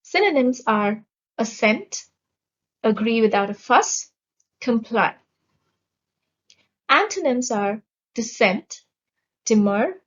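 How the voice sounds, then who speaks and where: A woman's voice: on the high side, dull audio. A woman giving a scripted vocabulary lesson, pronouncing each word with care and spelling out stress and meaning. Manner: slow, deliberate, enunciating each word. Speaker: vocabulary teacher.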